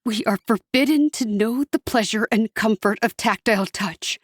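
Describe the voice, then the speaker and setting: A woman's voice: on the high side, normal speed, no echo, studio quality, close to an everyday voice. A woman voicing a proud young demon girl in an audiobook, speaking coldly with growled, spat-out words. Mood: cold anger. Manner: cold, growling, spitting words.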